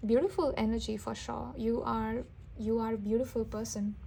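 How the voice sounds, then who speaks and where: Gentle, upbeat woman tarot reader. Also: on the high side, fairly even intonation, moderate pace, creaky, slight background noise. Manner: gentle, enthusiastic, many restarts and soft exclamations. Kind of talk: intuitive reading addressed to viewers.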